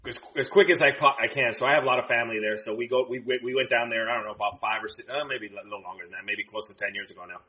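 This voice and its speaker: A middle-aged man co-hosting a podcast, telling a rambling story in a relaxed, casual way. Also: medium pitch, racing, few pauses, lo-fi sound. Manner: relaxed, rambling storyteller who restarts phrases. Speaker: podcast co-host.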